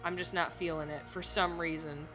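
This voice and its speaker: A woman's voice: on the low side, level tone, normal speed, over music. A woman streamer joking and laughing as she comments live on a story game.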